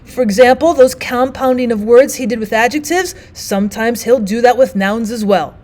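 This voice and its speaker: A woman's voice: fairly high pitch, normal speed, hardly any pauses, darkish tone. A woman teacher narrating a recorded language arts lesson, explaining and reading quotes aloud with emphasis.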